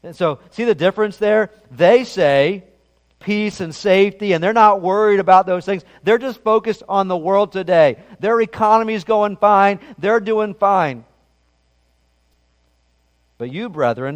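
A man's voice: high voice, a little slow. A middle-aged man preaching a sermon, telling a personal story in a conversational way with frequent restarts. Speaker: pastor. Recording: long hall reverb.

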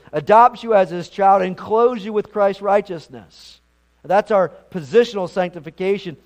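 Earnest higher-voiced male preacher. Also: darkish tone. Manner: earnest preaching with frequent word repeats. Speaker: pastor. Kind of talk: sermon.

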